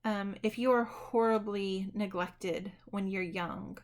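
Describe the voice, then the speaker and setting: A woman's voice: medium pitch, fairly even intonation, takes it slowly. A woman teaching a college psychology lecture in a conversational way, often checking in with "right?" and correcting herself mid-sentence. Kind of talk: recorded online lecture.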